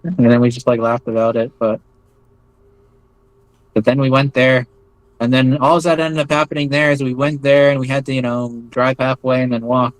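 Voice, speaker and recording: This American interview guest rambles through a long, casual story packed with fillers and restarts. His medium-pitched voice is flat and normally paced, and the recording is rough, with no room sound.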